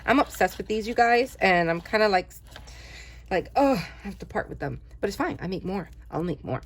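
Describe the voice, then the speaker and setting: A woman's voice: medium pitch, animated, moderate pace, husky. A woman vlogger chatting through her craft projects, gushing and often correcting herself. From New York. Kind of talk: casual show-and-tell narration.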